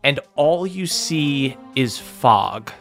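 A man's voice: mid-range voice, animated, very slow, faint music behind. A man narrating as game master in a loose, upbeat way with many fillers.

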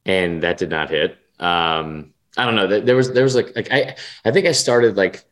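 A man's voice: low voice, moderate pace, a bit bright. A young man co-hosting a casual sports betting podcast, talking in a rambling, profane way full of restarts and fillers. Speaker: podcast co-host.

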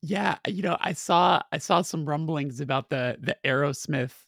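Male podcast host, gravelly voice, dry close mic, easygoing questions. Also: fairly high pitch, normal speed, dry recording. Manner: relaxed, curious questions with filler words. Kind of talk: casual interview.

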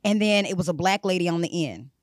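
Podcast co-host, woman, young adult; lively storyteller who acts out every line, close dry mic. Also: fairly low pitch, quick pace, no room sound. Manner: animated, profane, acts out dialogue. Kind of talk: casual storytelling chat.

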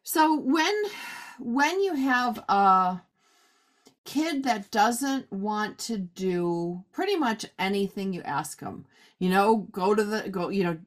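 A woman's voice: medium pitch, lively intonation, slow. A middle-aged woman hosting a casual chat, asking questions in a rambling, conversational way. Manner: chatty, rambling with fillers and restarts, asks questions. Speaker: host.

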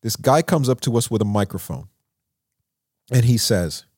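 A man telling stories as an interview guest in a recording studio, animated and acting out what people said. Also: normal speed, husky, no room sound. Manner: animated, acts out quotes with lively pitch. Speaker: songwriter and producer, interview guest. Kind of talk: conversational storytelling.

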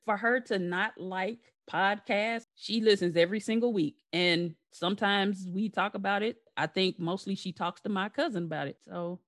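A woman's voice: mid-range voice, normal speed, hardly any pauses. A woman hosting a podcast, chatting casually and laughing easily with her guest. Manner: laughs often, relaxed storytelling. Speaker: podcast host. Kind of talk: casual chat.

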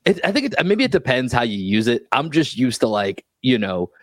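A man's voice: mid-range voice, very animated, fairly quick, no room sound. A man hosting a sports podcast in an easygoing, casual way, stumbling over his words at times. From Boston area. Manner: easygoing, stumbles and restarts when explaining. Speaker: podcast host.

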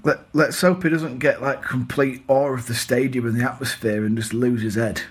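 A young man co-hosting a casual football podcast. He is chatty and self-mocking, and his voice is slightly husky at a middle pitch. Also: steady tone, normal speed. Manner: chatty, self-mocking, says "mate" often. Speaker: podcast co-host. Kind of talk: casual chat.

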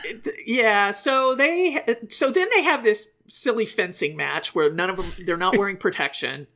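Woman podcast cohost, chatty and animated, mid pitch, laughs a lot. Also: moderate pace. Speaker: podcast co-host. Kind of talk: casual chat.

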